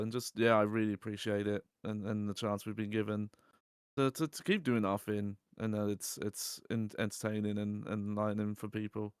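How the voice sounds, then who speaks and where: A male co-host of a stream, thanking the community in a halting, self-deprecating, grateful way. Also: lowish voice, smooth, dry recording, studio quality. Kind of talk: casual stream chat.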